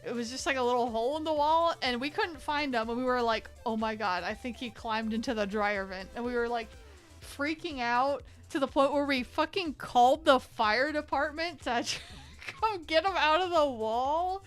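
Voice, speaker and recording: A young woman with a high voice chats casually at home while drawing on stream, speaking at normal speed with faint music behind her. The art streamer rambles, laughs often, and swears freely.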